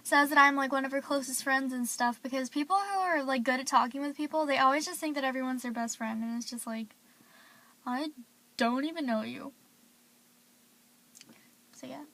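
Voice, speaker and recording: A woman's voice: high voice, moderate pace, long pauses, sharp tone. A teenage girl vlogging, rambling through gossip with lots of fillers. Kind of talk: casual gossip vlog.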